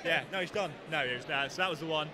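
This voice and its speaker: A man chatting casually and warmly as a fan on a busy indoor convention floor. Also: on the high side, very fast.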